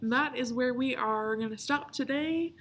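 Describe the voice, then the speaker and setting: A woman's voice: sits high, unhurried, fairly bright tone, slight background noise. Woman reading a kids' book aloud. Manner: friendly, upbeat sign-off to kids. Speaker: children's librarian.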